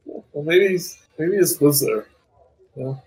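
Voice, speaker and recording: A man narrating a tabletop game as game master, casual and halting with fillers. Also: a little high, expressive, darkish tone, breathy edge, low-quality recording.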